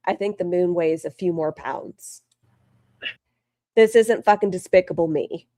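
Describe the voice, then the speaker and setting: A woman's voice: fairly low pitch, a little slow, dark tone, dry recording, clean studio sound. A woman co-hosting a live reaction stream, chatting casually with sarcastic jokes. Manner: sarcastic, joking. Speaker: co-host.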